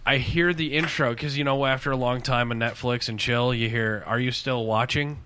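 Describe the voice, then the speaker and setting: Bright-voiced, profane male podcast host. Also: mid-range voice, flat delivery, fairly quick, slight background noise. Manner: profane, rambling storyteller. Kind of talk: casual chat. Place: home basement studio.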